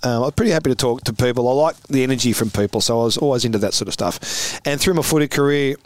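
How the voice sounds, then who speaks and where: Animated Australian man telling footy stories. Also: mid-range voice, fast, no room sound. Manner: animated, laughing storyteller. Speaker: former footballer, guest. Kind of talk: casual storytelling interview.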